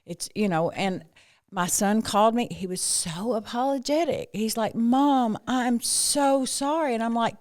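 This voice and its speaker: An older woman, a grandmother, co-hosting a casual chat and telling lively stories. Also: medium pitch, moderate pace. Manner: animated storyteller. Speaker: podcast co-host.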